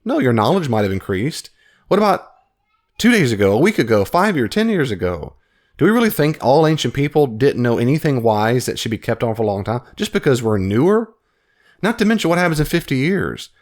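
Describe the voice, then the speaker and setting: A man hosting his own podcast, giving an animated, argumentative commentary and often correcting himself mid-sentence. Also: medium pitch, brisk. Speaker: podcast host. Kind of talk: casual commentary.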